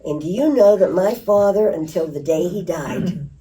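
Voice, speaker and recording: A woman's voice: on the low side, normal speed, slight background noise. Older woman telling stories, distant mic. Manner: lively storyteller who laughs and acts out voices. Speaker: interviewee. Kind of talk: reminiscing storytelling.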